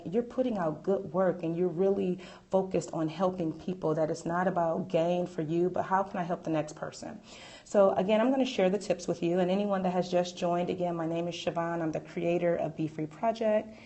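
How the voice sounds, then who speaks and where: A woman coach speaks on a phone live stream in a mellow, fairly low voice. She is enthusiastic and chatty, and often stops to thank her viewers. Her tone is warm and easy. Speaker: life coach and business owner.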